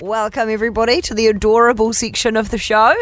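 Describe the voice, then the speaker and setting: A New woman hosting radio in a dry studio, her voice sitting a little high. She chats fast and teases her co-hosts, with a giggle never far off. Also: flat delivery, a bit bright, no echo. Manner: chatty, giggly, quick to tease. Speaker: radio host. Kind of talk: casual radio banter.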